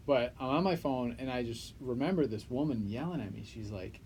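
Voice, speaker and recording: A young man co-hosting a podcast, chatting casually and telling stories with lots of swearing and loud acted-out quotes. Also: medium pitch, fairly quick, a crowd in the background, low-quality recording. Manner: animated storyteller, swears freely, acts out quotes loudly. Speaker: podcast co-host. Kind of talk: casual chat.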